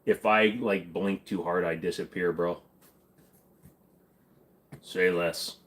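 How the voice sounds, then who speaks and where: Easygoing lower-voiced man chatting on a livestream. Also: fairly even intonation, takes it slowly, fairly bright tone. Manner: loose, joking, rambling with many fillers and restarts. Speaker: livestream host. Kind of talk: casual livestream chat with viewers. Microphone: desk microphone.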